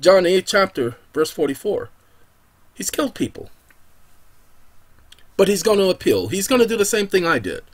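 A man talks to his viewers in a casual, emphatic way, challenging them and tossing out rhetorical questions. His voice sits high and moves around a lot, rising and dropping as he presses each point. The delivery stays insistent throughout. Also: big pitch swings, moderate pace, pauses often. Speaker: online video host. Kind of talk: casual scripture talk to camera.

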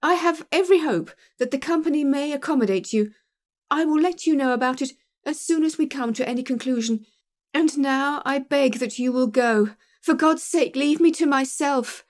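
A woman's voice: on the high side, lively intonation, normal speed, darkish tone, close to an everyday voice. A woman reading an audiobook, voicing a terrified middle-aged male office manager who barely holds himself together with forced courtesy. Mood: frantic. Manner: strained, forced courtesy over panic.

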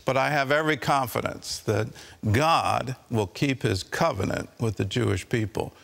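A man hosting a news interview, measured, with short pauses. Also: medium pitch, creaky, a bit bright. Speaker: host.

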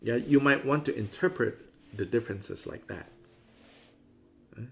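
A man's voice: medium pitch, measured pace, gravelly, fairly bright tone. A man teaching a Buddhist class in a conversational way, often acting out the views he discusses with playful voices. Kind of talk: dharma class lecture.

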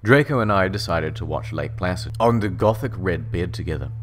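A man giving a deadpan, mock-serious comedic reading as narrator. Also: low voice, fairly quick.

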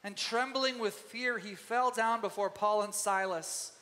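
In a church sanctuary, a pastor with a high, bright voice preaches a sermon that rings through long hall reverb. He's unhurried yet animated, speaking to the congregation as if to friends and performing the voices of biblical figures.

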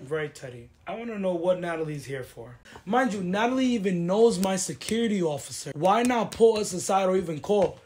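A woman's voice: fairly low pitch, animated, a little fast, hardly any pauses, darkish tone, a little hiss or hum. Emotional woman venting as a podcast host. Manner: emotional, venting, repeats phrases. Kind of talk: casual reaction chat.

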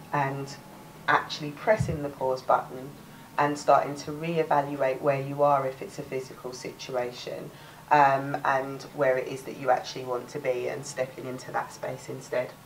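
Cockney woman leading a workshop, low voice, a little far from the mic with faint background noise. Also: flat delivery, normal speed. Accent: London Cockney. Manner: chatty, restarts words, laughs often. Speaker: workshop presenter. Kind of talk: live workshop teaching.

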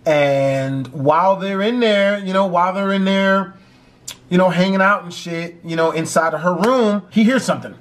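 High-voiced cursing storytime vlogger. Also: male voice, moderate pace. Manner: animated, heavy cursing. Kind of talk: storytime vlog.

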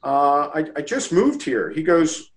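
A man's voice: a little high, unhurried, poor audio. A man guest in a casual interview, from the Baltimore area, telling a story and acting out quotes. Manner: animated storyteller, acts out quotes. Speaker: interview guest, lacrosse official.

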